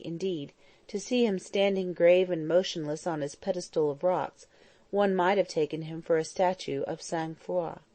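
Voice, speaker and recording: A woman narrating a classic novel as an audiobook reader, in a steady, even reading voice. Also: lowish voice, no echo. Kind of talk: scripted narration.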